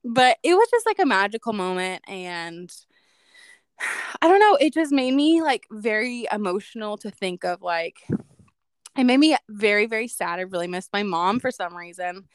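A young woman co-hosts a podcast and relates a personal story, chatting casually and reflectively with frequent "like" fillers. Her medium-pitched voice is expressive and clean in tone, at a normal speed. No room sound can be heard.

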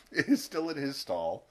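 This podcast co-host, whose mid-range voice is a bit bright, recaps a TV show casually, laughing often and performing the characters' dialogue.

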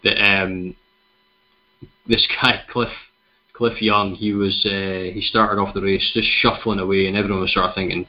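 A Scottish man hosting a podcast, chatting casually and telling a story with a relaxed, rambling manner. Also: deep voice, normal speed. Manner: relaxed, chatty, many fillers. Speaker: podcast host. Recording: dull lo-fi recording.

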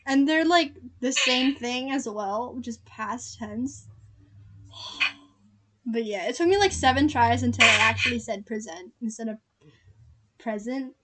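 High-voiced young woman, casual chatty co-host, giggly and rambling. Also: a little slow, background noise. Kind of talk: casual chat.

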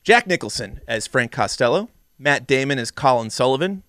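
A man's voice: mid-range voice, lively intonation, moderate pace, hardly any pauses, a bit bright, no room sound. A man co-hosting a casual movie podcast, reading out fun facts and cast lists in an upbeat way. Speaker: podcast co-host.

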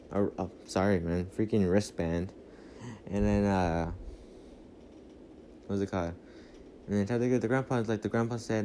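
A man's voice: fairly low pitch, dark tone, a little hiss or hum. A man rambling through a casual movie recap on a phone mic, full of fillers and restarts. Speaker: podcast host.

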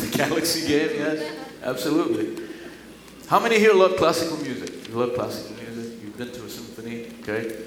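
A man preaching a sermon to a congregation, swinging between loud, emphatic scripture reading and quiet, chatty asides. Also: medium pitch, a little hiss or hum. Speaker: pastor. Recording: echoey room with faint ambience.

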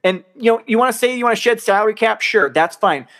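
Fired-up man ranting with lively pitch. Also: fast. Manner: exasperated, swears a lot. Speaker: podcast co-host. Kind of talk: heated casual sports rant.

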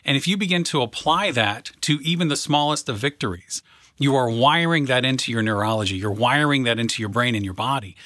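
A man's voice: medium pitch, animated, a little fast, sharp tone, dry recording, clean studio sound. A man, a podcast co-host and mindset coach, explaining ideas earnestly and stacking phrases for emphasis, often checking in with "right?". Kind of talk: motivational coaching talk.

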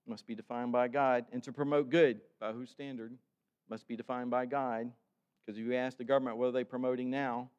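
An older male pastor delivers a sermon in an emphatic preaching manner, pressing each point and rising to loud exhortation. His voice sits at an ordinary pitch. It carries the long reverb of a church sanctuary. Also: flat delivery, a little fast, smooth, dull audio.

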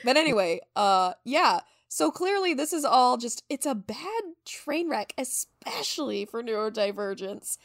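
A woman's voice: a little high, big pitch swings, measured pace, gravelly, few pauses, dry recording, clean studio sound. A young woman co-hosting a book podcast, chatting casually, laughing a lot and acting out her reactions. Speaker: podcast co-host.

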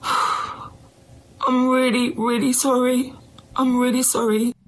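A woman apologizing to her fans in a video, upset and close to tears, speaking in a halting way. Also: high-pitched, level tone. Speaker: singer addressing fans.

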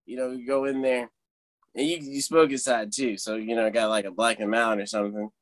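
A young man casually telling a funny story to friends on a podcast, animated and laughing along. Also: mid-range voice, brisk. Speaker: podcast co-host.

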